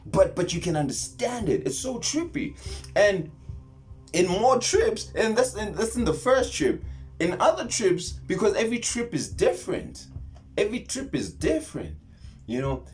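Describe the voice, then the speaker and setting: A South African man telling a personal story in casual vlogger talk, rambling and animated, dropping to whispers and repeating himself as he goes. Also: on the high side, normal speed, faint music behind. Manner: rambling, animated retelling with whispered asides and many restarts. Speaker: spiritual vlogger.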